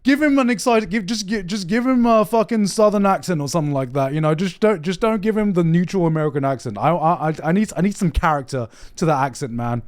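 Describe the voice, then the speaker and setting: A young man chatting casually on a live stream, excitable, swearing freely and often repeating himself as he reacts. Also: high-pitched, fast talker, few pauses. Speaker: streamer reacting to anime news.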